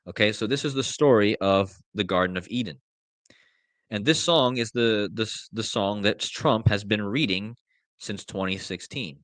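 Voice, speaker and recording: A man hosts a live commentary, talking at a slow, deliberate pace and leaning hard on key words. He often repeats himself and calls out to his viewers as he goes. The sound is close and dry, with no room echo. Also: lowish voice, fairly bright tone. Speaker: host. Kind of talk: live commentary reading lyrics aloud.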